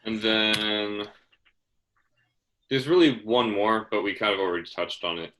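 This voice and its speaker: A young man leads a study session, prompting his student with patient questions and casual restarts. His voice is bright and fairly low. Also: a little slow, slight background noise. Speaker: chemistry tutor. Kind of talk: tutoring session, guiding questions.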